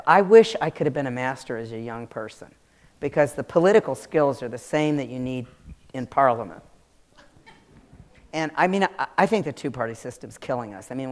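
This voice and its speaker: A woman from Maryland with a Southern American accent, answering audience questions at a live author event in a chatty, frank way. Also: a bass voice. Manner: chatty, frank, laughs easily. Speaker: author interviewee. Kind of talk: public Q&A answers.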